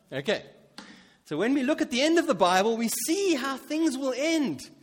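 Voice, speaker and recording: A man with a high-pitched voice preaches a sermon in a large hall whose reverb trails after every phrase. He talks with animation, swelling into emphatic peaks and then dropping into soft, conversational asides.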